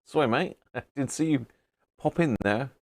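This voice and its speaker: A middle-aged British man with a gravelly edge to his voice, chatting casually as he hosts a live stream. He greets viewers one by one and chuckles often. The sound is dry and close, with no room echo. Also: mid-range voice, normal speed. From Britain. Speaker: live-stream host, radio restorer.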